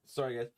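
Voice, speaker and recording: A man streaming a video game, chatting casually and bantering with viewers, his voice a bit hoarse from a recent illness. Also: medium pitch, no room sound. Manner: joking, bantering with chat.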